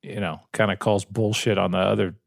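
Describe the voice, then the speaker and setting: A man's voice: fairly low pitch, little pitch movement, fairly quick, gravelly, no room sound. A man, a podcast co-host, chatting casually and telling stories with a wry, dry humor. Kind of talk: casual chat.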